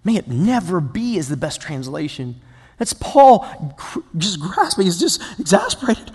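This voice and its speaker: A male pastor preaching a sermon with passion, moving between loud emphatic bursts and quiet asides. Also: sits high, sing-song, measured pace, slightly rough. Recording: long hall reverb.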